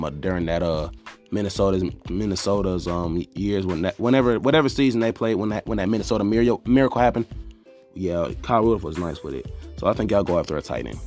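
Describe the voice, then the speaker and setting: A young man with a fairly low voice hosts a casual sports podcast on his own, rambling from one point to the next. He talks straight at the teams, restarting his sentences as he goes, while faint music plays underneath. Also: a little mellow. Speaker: podcast host. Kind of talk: casual solo sports talk.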